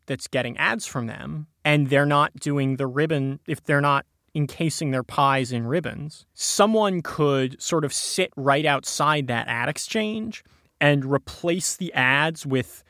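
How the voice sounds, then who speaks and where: In a studio-quality recording with no room sound, a man with a fairly high, sharp-toned voice explains encryption as a tech podcast guest. He's casual about it, restarting sentences, padding with fillers, and chuckling often.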